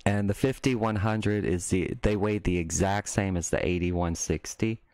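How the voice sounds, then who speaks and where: A deep-voiced man talks casually on a live stream. He rambles, stops mid-sentence and starts over, then breaks into loud mocking rants. The sound is dry, with almost no room in it. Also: steady tone, normal speed, dry recording.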